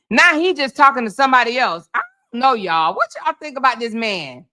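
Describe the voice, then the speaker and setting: A woman hosting a casual reaction commentary. She talks in an animated, exclaiming way and calls her viewers "y'all" and "honey". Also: a little high, fairly quick, hardly any pauses. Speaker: host.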